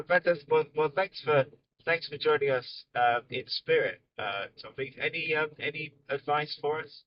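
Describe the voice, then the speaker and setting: A man's voice: a little high, normal speed, highs cut off. A man hosting a podcast from inside a car, jokey and rambling in casual chat. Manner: jokey, rambling, laughs often. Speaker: podcast host.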